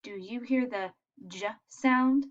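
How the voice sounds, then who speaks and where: A woman teaching young children letter sounds in a patient, encouraging way, modelling each sound clearly. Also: fairly high pitch, slow, lo-fi sound. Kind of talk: phonics lesson for young children.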